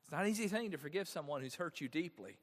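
A man's voice: fairly high pitch, fast. Man preaching with rising, ringing emphasis. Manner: animated preaching with wide swings in loudness. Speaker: pastor. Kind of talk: sermon. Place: church sanctuary. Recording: long reverb of a church sanctuary.

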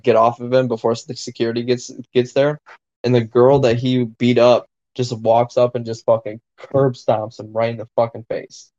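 A man's voice: medium pitch, muffled recording. A man on a podcast telling a wild story in casual chat, swearing a lot and piling on fillers. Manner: profane, excitable storyteller, lots of fillers. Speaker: podcast co-host.

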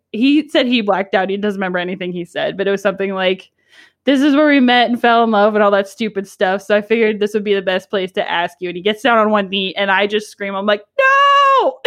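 A young woman in her twenties co-hosting a podcast, telling a story in a casual chat, animated and giggly with lots of "like". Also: mid-range voice. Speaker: podcast co-host.

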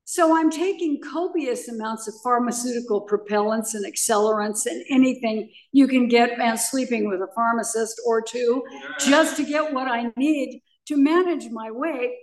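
Recorded from a distance, an older woman gives a personal testimony at a meeting about her recovery. Her voice is fairly high, at a moderate pace with few pauses, and she tells the story dramatically with vivid repetition.

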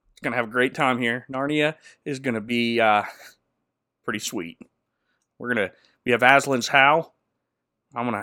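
Guy doing an eager boastful young prince, chatty, bright dry voice. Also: mid-range voice, no room sound, natural voice.

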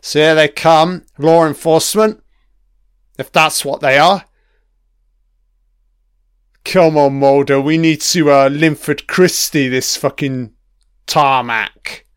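A man's voice: on the high side, steady tone, slow, pauses often, clean tone, dry recording, clean studio sound. A man giving a casual commentary on a TV episode, chatty and swearing freely, laughing along as he watches.

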